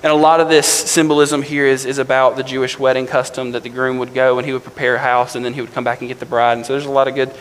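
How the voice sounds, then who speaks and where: A man preaching a sermon, reading scripture slowly and deliberately, then explaining it in a casual, self-correcting way. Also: medium pitch, flat delivery, long reverb tail, a little hiss or hum, low-quality recording. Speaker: pastor.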